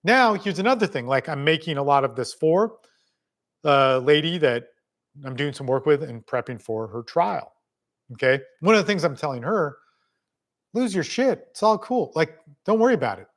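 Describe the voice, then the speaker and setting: A man's voice: fairly high pitch, expressive, normal speed. A middle-aged man coaching people on family court in a blunt, casual spoken lesson, swearing freely and talking straight to the listener.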